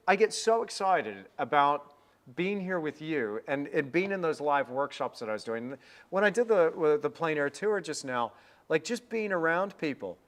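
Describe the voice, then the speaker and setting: A middle-aged man teaching painting on a livestream, talking in an energetic, rambling way with many restarts. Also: fairly high pitch. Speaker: art teacher hosting a livestream. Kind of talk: casual livestream chat while painting.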